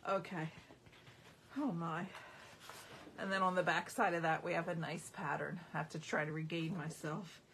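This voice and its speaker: A woman's voice: low voice, steady tone, moderate pace, vocal fry, long pauses, a bit bright, slight background noise. A woman hosting a live craft stream, chatty and easily amused as she shows off patterned paper at home. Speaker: craft demonstrator. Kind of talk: live-stream product showing.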